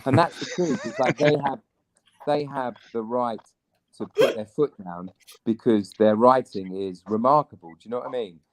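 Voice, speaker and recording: A man, an actor chatting as a guest and telling animated anecdotes. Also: mid-range voice, moderate pace, a little hiss or hum, rough recording. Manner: animated storyteller, mimics other people. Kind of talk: casual chat, anecdotes.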